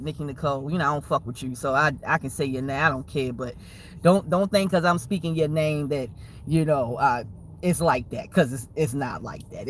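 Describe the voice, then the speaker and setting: Livestream host, unhurried, giggly rambling rant, faint room ambience. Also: mid-range voice, fairly bright tone, a little hiss or hum. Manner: rambling, laughing often, slangy and profane. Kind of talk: casual livestream chat. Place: waiting for a food order.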